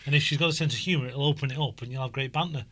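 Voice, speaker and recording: A man's voice: medium pitch, bright, forceful tone, slight background noise. A man, co-hosting a podcast in casual, teasing banter. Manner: teasing, quick-witted. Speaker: podcast co-host.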